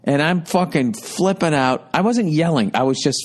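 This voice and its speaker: A man's voice: on the high side, lively intonation, darkish tone. Profane ranting man in his fifties. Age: 50s. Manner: profane, exasperated, rapid ranting. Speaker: podcast host. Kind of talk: rambling comedic storytelling. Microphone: podcast studio mic.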